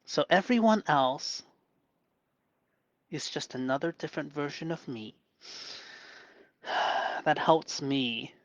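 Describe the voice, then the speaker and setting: A man in a reflective live monologue, speaking gently and softly in a deliberately lowered voice, thinking aloud with pauses and restarts. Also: expressive, no room sound, rough recording. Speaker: self-coaching vlogger.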